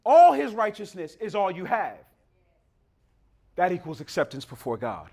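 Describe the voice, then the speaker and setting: Male preacher, sermon delivery, lively swooping voice, emphatic and chatty. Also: sits high, moderate pace. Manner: emphatic, conversational, addresses listeners as beloved.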